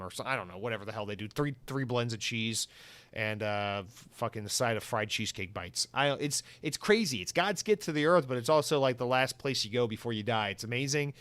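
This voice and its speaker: A man's voice: medium pitch, animated, fast talker, fairly bright tone, dry recording. A young man hosting a solo podcast, rambling and swearing with comic exaggeration. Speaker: podcast host.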